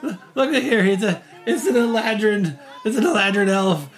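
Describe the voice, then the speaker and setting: A man voicing a rude, jeering male goblin who mocks in a high, cackling voice. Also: animated, moderate pace. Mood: mocking.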